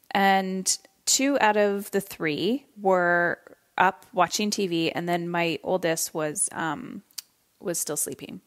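Speaking at a medium pitch, a middle-aged woman from Canada recounts a family anecdote for her parenting podcast. Her delivery is relaxed and lively, with impressions of her children and a curse word here and there.

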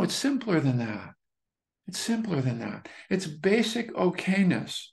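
A man's voice: high voice, vocal fry. Male meditation teacher, loose conversational talk, circles back on his phrases. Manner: relaxed, repetitive, searching phrasing with many restarts. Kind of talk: dharma talk.

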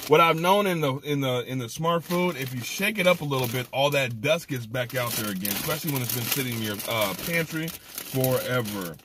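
Animated man hosting a snack review. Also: mid-range voice, brisk, background noise. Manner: animated and emotional, with slang. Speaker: food reviewer host. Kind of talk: casual vlog review.

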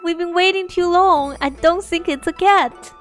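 High-voiced, excitable woman gaming. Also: moderate pace, soft background music. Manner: excitable, laughs and gasps often. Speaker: gameplay video creator. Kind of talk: chatty gameplay commentary.

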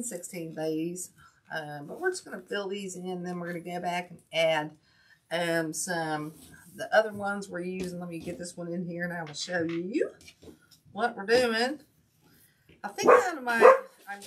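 A woman's voice: lowish voice, unhurried, slight background noise. An older woman from Ohio hosting a casual craft livestream, chatty and folksy, greeting viewers by name. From Ohio, USA. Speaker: wreath-making livestream host.

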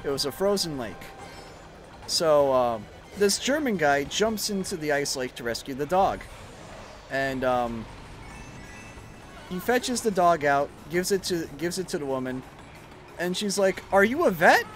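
A man's voice: a little high, lively intonation, measured pace, long pauses, faint music behind. Rambling young man streaming games. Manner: rambling, swears freely, many fillers. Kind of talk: casual chat while gaming.

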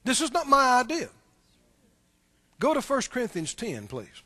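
A preacher man delivering a sermon with a very high voice that swings up and down a great deal. He speaks emphatically and repeats points, addressing the congregation directly and calling for responses. His tone is bright and forceful. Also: huge pitch swings, a little slow, no room sound. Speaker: pastor.

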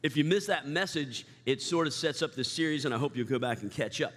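A man who is lead pastor, preaching a lively, self-deprecating sermon and leading the congregation in call-and-response. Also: fairly high pitch, brisk. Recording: reverberant church sanctuary.

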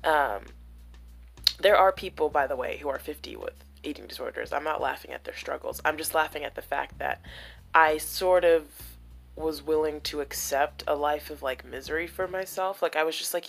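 A woman's voice: low voice, normal speed, creaky. A young woman talking candidly and emotionally in a personal vlog, with many "like" fillers. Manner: emotional, confessional, full of "like" fillers. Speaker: vlogger.

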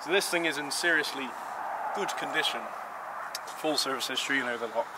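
A man's voice: medium pitch, a little fast. A man presenting cars in a casual, enthusiastic vlog walkaround, talking emphatically and playfully. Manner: playful, emphatic, lively rises on praise. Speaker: car vlogger presenting cars. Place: outdoors beside parked cars. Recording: outdoor street noise behind.

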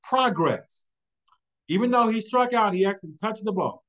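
A man presenting a webinar, telling a motivational story with a rhythmic, repeated refrain and building excitement. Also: sits high, moderate pace, poor audio.

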